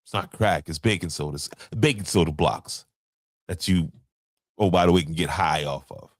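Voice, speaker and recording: A man's voice: low voice, moderate pace, dry recording. A man hosting a podcast, talking loosely in slang and stumbling over names as he runs through a list. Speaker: podcast host. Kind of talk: casual commentary.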